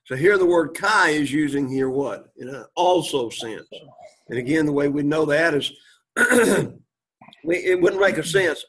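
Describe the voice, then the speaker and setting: A man with a slightly husky, somewhat high voice teaches a Greek grammar class. He reads Greek words aloud, translates them, and keeps asking his students questions, clearing his throat now and then. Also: lively intonation, moderate pace, a bit bright. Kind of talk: classroom lecture.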